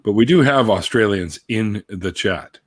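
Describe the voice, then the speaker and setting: A man's voice: on the low side, measured pace. A man hosting a casual live-stream conversation over a video call, reading out the chat, laughing often and swearing casually. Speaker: host interviewing a guest, reading live chat.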